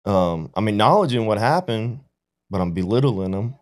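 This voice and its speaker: A man's voice: fairly low pitch, animated, moderate pace. A man in casual podcast conversation, telling a reflective story and often checking in with "right?". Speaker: podcast guest or co-host.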